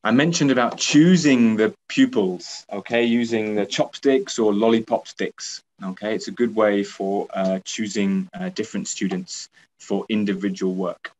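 A man training teachers speaks in a low-leaning voice at a moderate pace, patiently repeating himself and checking in with "okay?" Now and then he performs energetic praise the way a teacher would for pupils.

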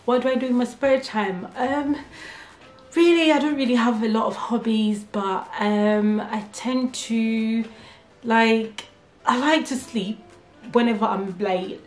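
A young woman chats candidly through a get-to-know-me Q&A, filling her pauses with ums and a slightly nervous laugh. Her voice rings around a bare, echoey room. Faint music sits underneath. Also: medium pitch. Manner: chatty and candid, laughs often, many fillers; nervous talking about herself. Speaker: beauty vlogger.

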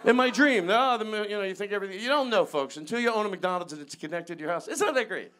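A man performing a live stand-up comedy set, loud and animated, chatting with the audience and the band. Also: high-pitched, quick pace. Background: band music and audience laughter.

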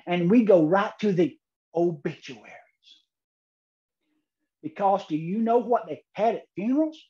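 A man giving a humorous keynote speech, telling a story deadpan with dramatic pauses. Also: high voice, dull audio. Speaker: keynote speaker.

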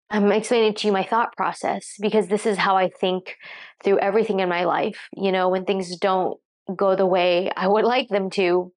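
A woman fitness coach, tearful, speaking reflectively to the camera with halting restarts. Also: mid-range voice. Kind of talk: emotional talk to camera. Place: seated at home.

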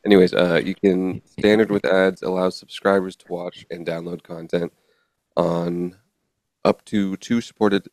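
Deep gravelly dude cohosting a podcast, laughs a lot, dry close mic. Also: male voice, flat delivery, unhurried, a little mellow, no echo. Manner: laughs often, reads articles aloud. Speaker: podcast co-host. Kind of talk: casual chat.

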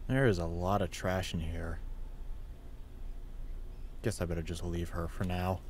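A man streaming a horror game, thinking aloud and breaking into high yells at scares. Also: steady tone, a little slow, a little hiss or hum. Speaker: gaming streamer. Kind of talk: live gameplay commentary.

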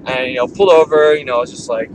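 A man's voice: mid-range voice, fast. A man, telling a rambling, casual story while driving his car. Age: 20s. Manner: rambling, filler-heavy, laid-back. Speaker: vlogger. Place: inside a moving car. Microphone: camera or phone in the car. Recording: loud car road noise. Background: road and engine noise.

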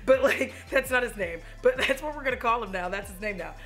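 A woman in her thirties giving a casual, chatty movie review at home, animated and quick to laugh and swear. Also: fairly high pitch, faint music behind.

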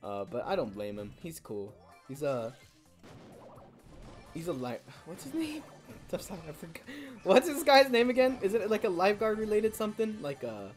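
A woman's voice: medium pitch, very animated, moderate pace, a little mellow, faint music behind. A young woman hosting a gaming channel, giving playful, jokey, self-mocking commentary over her gameplay.

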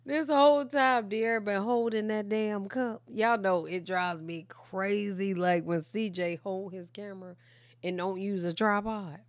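A woman's voice: mid-range voice, unhurried, no room sound. A woman hosting a reaction video, chatting casually with slang and frequent laughs, talking straight to her viewers and sounding tired from filming late at night. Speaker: reaction channel host.

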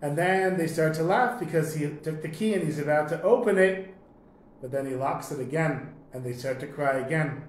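A man teaching a lesson, telling a long story in a relaxed, conversational way and often clearing his throat. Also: fairly high pitch, normal speed. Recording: echoey room, faint noise.

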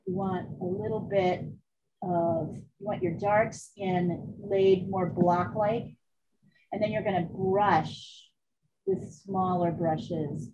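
A woman's voice: medium pitch, steady tone, takes it slowly, dark tone, highs cut off, a little hiss or hum. A woman art teacher talking casually through a live online painting class, candid and chatty, cursing now and then.

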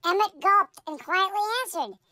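A pug radio host, pitch-shifted squeak, bright, slow, lively, dry close sound. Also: no echo, exaggerated voice. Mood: cheery. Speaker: host reading a picture book. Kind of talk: storybook read-aloud.

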